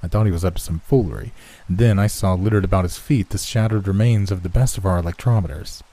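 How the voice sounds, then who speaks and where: A man reading a horror story as scripted first-person narration in a measured, steady way. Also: deep voice.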